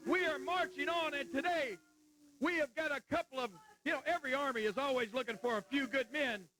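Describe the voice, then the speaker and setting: A man cutting an angry, blustering wrestling promo in the ring, shouting at the announcer and the crowd. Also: very high-pitched, brisk, poor audio. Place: indoor wrestling arena, in the ring. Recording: loud crowd in a wrestling arena.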